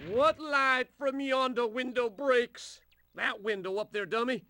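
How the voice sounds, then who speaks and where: A tiny lovesick slug soldier pining like a Romeo, with a shrill, very high voice and a bright, sharp edge. He declaims and mocks in a theatrical game-character way. The recording is close and dry. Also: unhurried, dry recording, full character voice. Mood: lovesick, scornful. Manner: theatrical, mocking. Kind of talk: video game voice acting.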